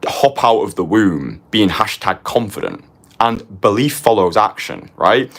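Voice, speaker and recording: Deep-voiced young man coaching with punch. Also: fairly bright tone. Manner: punchy, confessional, tags lines with "right?" and "yeah?", swears casually. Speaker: dating coach. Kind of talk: motivational course lecture.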